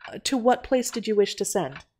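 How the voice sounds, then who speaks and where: A brisk young telegraph operator from an old-fashioned audio drama, voiced by a woman. She recounts her trials wryly, with a note of exasperation. Her voice stays in a middle register but moves lively. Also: medium pitch, slight background noise, voice pushed up, natural voice.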